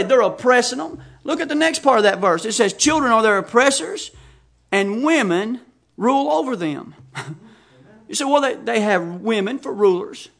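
A preacher from the United States giving an emphatic sermon, reading scripture aloud and telling stories. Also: male voice, very high-pitched, expressive, normal speed, vocal fry, fairly bright tone. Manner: emphatic, reads scripture aloud and tells anecdotes.

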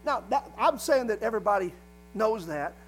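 Preacher guy, really high voice, leans hard on the bible verses, bit of hum and music behind. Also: expressive, rough recording. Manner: preaching with emphatic, slowed Bible readings. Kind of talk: sermon.

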